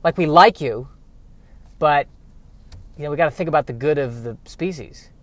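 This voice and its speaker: A man's voice: fairly high pitch, normal speed, fairly bright tone, no echo, natural voice. A man voicing an alien who keeps apologizing as it turns someone down. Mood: apologetic. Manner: regretful, over-apologetic. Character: apologetic alien speaking for its group.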